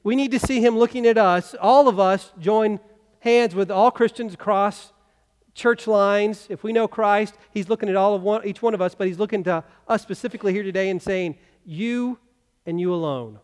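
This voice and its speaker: A man's voice: high voice, fairly even intonation, moderate pace, clean tone. A man preaching a sermon as pastor, talking conversationally and asking the congregation rhetorical questions. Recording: long reverb of a church hall.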